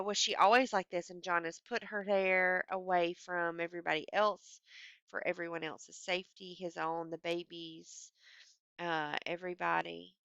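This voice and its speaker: A woman's voice: lowish voice, sharp tone, smooth, dry recording, lo-fi sound. A woman teacher talking through a story in a lecture screencast. She reads passages aloud with animation and explains them casually, with many fillers.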